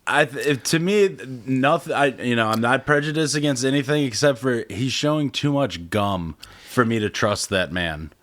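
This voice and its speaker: A man's voice: medium pitch, animated, normal speed, a bit bright. A man co-hosting a podcast in casual chat, telling crude stories with lots of laughter. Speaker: podcast co-host.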